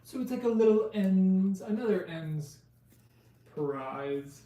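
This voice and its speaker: A man's voice: sits high, lively intonation, takes it slowly, mellow. A man hosting a casual live stream, chatting with viewers and reading card names aloud. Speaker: live-stream host opening trading card packs. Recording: roomy, distant mic with faint noise.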